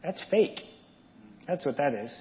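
A man's voice: on the high side, lively intonation, measured pace, a little hiss or hum. A man giving a candid, conversational sermon to a congregation, asking them questions and adding asides. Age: adult parent. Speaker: preacher. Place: church sanctuary. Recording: dull audio with long hall reverb.

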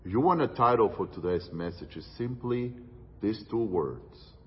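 A man preaching a sermon, telling a story with dramatic pauses and dropping to hushed tones for quoted words. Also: fairly low pitch, expressive, breathy edge. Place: church hall. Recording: distant, muffled church hall recording with long reverb.

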